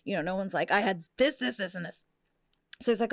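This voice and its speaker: A woman's voice: medium pitch, a little fast, no room sound, clean studio sound. A middle-aged woman hosting a podcast, telling a story in casual, profane chat and acting out the people she quotes. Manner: profane, animated, acts out quotes. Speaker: podcast host.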